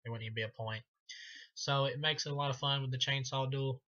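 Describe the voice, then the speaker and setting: A man's voice: mid-range voice, fairly even intonation, fast talker, bright, forceful tone, highs cut off. A man giving a casual spoken film review, rambling, laughing often and swearing freely.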